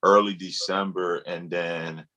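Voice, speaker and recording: A man's voice: low-pitched, little pitch movement, a little slow, noisy background. A man chatting casually with a friend, throwing in slangy interjections. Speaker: friend in conversation. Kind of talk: casual chat.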